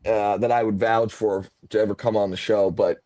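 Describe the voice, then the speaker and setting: A man's voice: fairly low pitch, flat delivery, moderate pace, dark tone, no echo. A man hosting a podcast, telling rambling stories in casual chat, swearing and laughing often. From Ontario, Canada. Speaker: podcast host, former football player.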